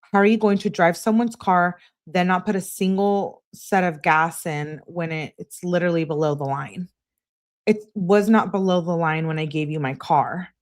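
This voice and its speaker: A woman on a live stream reading text messages aloud in a steady voice, breaking off to answer her chat. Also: fairly low pitch. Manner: flat reading, asides to chat.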